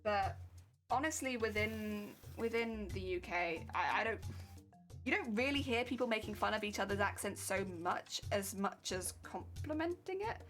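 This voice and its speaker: A woman's voice: mid-range voice, animated, moderate pace, a bit bright, faint music behind. A woman with an English accent chatting casually on a live stream while sewing a costume. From England. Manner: chatty, rambling, fillers like "like" and "heck yeah".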